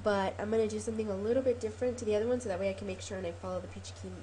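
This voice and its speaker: Racing along in a steady, dark-toned mid-range voice with slight hiss or hum, a woman runs a casual craft tutorial. She's rambling and chatty, with lots of ums and corrections, and a touch sniffly from a cold.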